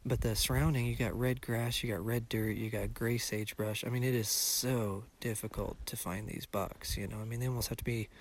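A man's voice: mid-range voice, fairly even intonation, fairly quick, hardly any pauses. A man talking casually outdoors as a hunting partner, easygoing and explanatory. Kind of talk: casual chat. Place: outdoors in the backcountry.

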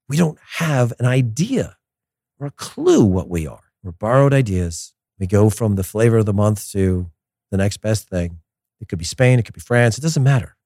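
A man's voice: on the low side, darkish tone, dry recording, clean studio sound. A man, a former player and coach, giving an impassioned monologue, emphatic and ranting, often repeating words.

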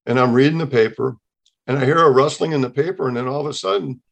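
A man in his sixties, a podcast guest, telling a personal faith testimony in an animated way, acting out the dialogue he quotes. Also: medium pitch, fast, vocal fry.

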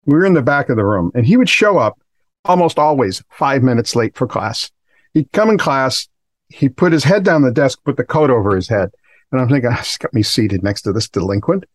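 A man's voice: medium pitch, sing-song, fairly quick, no echo. A middle-aged man from Massachusetts tells long stories as a podcast guest. He rambles and pokes fun at himself, and his voice sits in the middle range. The mic sound is close and dry. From Massachusetts, USA. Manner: rambling, self-deprecating, restarts and fillers. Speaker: guest, recording engineer. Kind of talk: casual podcast interview storytelling.

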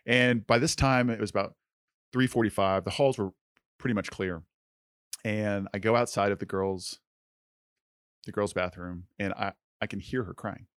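A man's voice: lowish voice, fairly even intonation, moderate pace, pauses often, clean tone, no room sound, clean studio sound. A man co-hosting a podcast, telling a personal story in an earnest, conversational way with lots of filler words. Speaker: podcast co-host.

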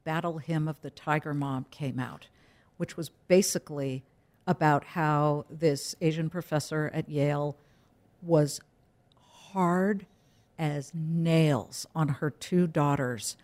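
A middle-aged woman, a news anchor, speaking as an interview guest in an emphatic, quick-witted way. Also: low voice, steady tone, a little mellow. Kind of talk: conversational interview.

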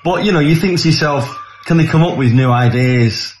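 A man's voice: a little high, fairly quick, soft background music. An older man giving a casual film review, plain-spoken and good-humoured. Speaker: guest reviewer.

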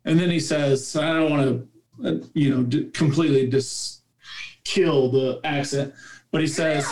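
A man's voice: a little high, unhurried, darkish tone. A man who coaches youth football, chatting on a podcast panel and telling a story with heartfelt emphasis. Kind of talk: casual roundtable chat.

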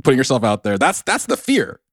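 A man's voice: medium pitch, wildly swooping pitch, fairly quick, no room sound, studio quality. A man co-hosting a podcast, asking playful, teasing questions in casual chat. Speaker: podcast co-host.

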